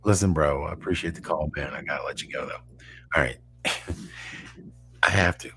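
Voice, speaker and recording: A man with a Texan accent co-hosting a live show in casual chat, rambling and halting with many restarts. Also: extremely low pitch, fairly bright tone, husky.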